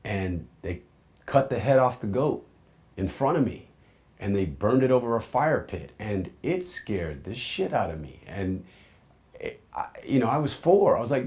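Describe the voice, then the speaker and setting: A man in his forties with a very low, deep voice tells his own life story. He speaks candidly and reflectively, and often sinks into quiet, low asides. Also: very animated, moderate pace. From United States. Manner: earnest, candid, drops into soft low asides.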